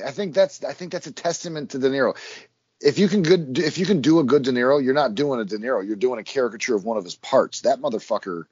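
A man co-hosting a movie podcast, talking in a profane, rambling, animated way. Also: mid-range voice, breathy edge, no room sound, highs cut off. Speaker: podcast co-host. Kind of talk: casual movie review chat.

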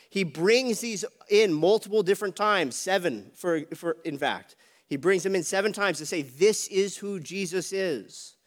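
A man with a high voice preaches a sermon. He works through scripture in a steady teaching manner, explaining the Greek words for his listeners.

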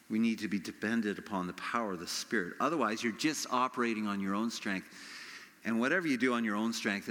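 A man preaching a conversational sermon as pastor, lively and acting out quoted voices. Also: on the low side. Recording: long reverb of a hall.

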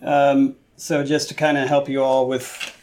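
A man's voice: medium pitch, level tone, a little slow, over a noisy crowd. A man narrating as game master, rambling with many fillers.

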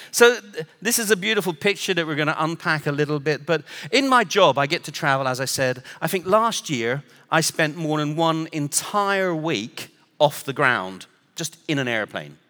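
English-accented preacher in a reverberant hall. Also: male voice, a little high, lively intonation, normal speed, pushed and bright. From Northern Ireland. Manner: humorous storytelling, self-deprecating. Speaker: guest preacher. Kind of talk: sermon. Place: church auditorium.

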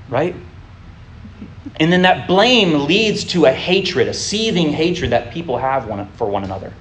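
A man leading a conversational Bible study, often asking the listeners rhetorical questions and talking informally. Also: on the high side. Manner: informal, with fillers and restarts.

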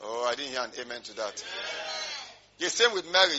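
A man's voice: medium pitch, animated, brisk, dull audio, background noise. A male pastor preaching a sermon, emphatic and rhetorical, drawing call-and-response from his congregation.

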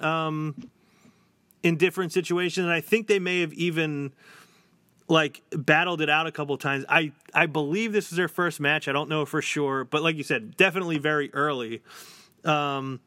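A man's voice: on the high side, pushed and bright, no room sound. A man co-hosting a podcast, talking casually with lots of fillers and restarts. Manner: chatty, many fillers and restarts. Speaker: podcast co-host. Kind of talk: casual chat.

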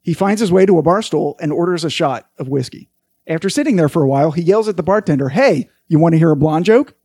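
Brief: male host, high animated voice, swinging pitch, tells jokes in casual chat. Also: fast talker, slightly rough, no room sound, studio quality. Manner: animated, laughs through his punchlines. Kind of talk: casual joke-telling chat.

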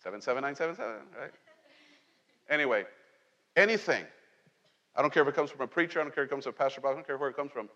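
A man's voice: medium pitch, rapid-fire, long pauses, long reverb tail, dull audio. A man preaching a sermon as pastor, talking conversationally and joking with his congregation. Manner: conversational, animated preaching with jokes and asides. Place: church sanctuary.

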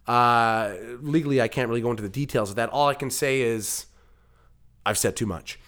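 A man's voice: mid-range voice, a little fast, fairly bright tone, clear, resonant tone. A man from Canada hosting his own comedy podcast alone, rambling through jokey digressions and interrupting himself. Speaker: podcast host and producer.

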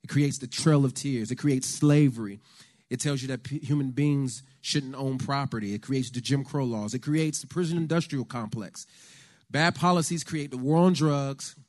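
An American man giving a conversational, faith-based talk on politics to a church lunch audience, telling stories with lively asides. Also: mid-range voice, normal speed. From United States. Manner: animated storyteller, conversational with the audience.

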